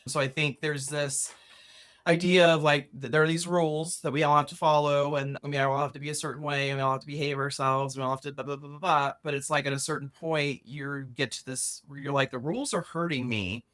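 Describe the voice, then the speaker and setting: A man hosting a podcast, musing at length in a relaxed, rambling way before asking his guest a question. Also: a little high, brisk. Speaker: podcast host. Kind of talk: casual interview talk.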